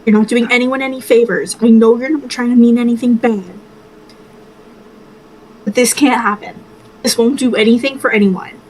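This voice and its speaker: A woman's voice: fairly high pitch, fairly even intonation, moderate pace, pauses often, a little mellow, slight background noise, close to an everyday voice, low-quality recording. Woman playing a firm, soothing companion. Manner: firm, soothing, repeats herself. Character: steady, level-headed companion. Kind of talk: tabletop role-play.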